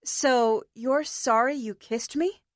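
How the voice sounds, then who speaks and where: A fiery, sharp-tongued young woman who snaps and scolds, played by a woman narrator pitching her voice up. Her voice sits high and forceful, and the recording is dry and close. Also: takes it slowly, dry recording. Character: fiery young woman, exasperated love interest.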